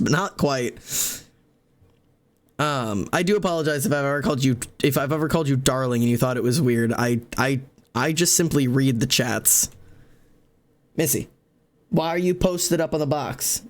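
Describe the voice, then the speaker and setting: A man's voice: mid-range voice, normal speed. A young adult man streaming live from home, chatting casually and rambling jokily with his viewers and his cats.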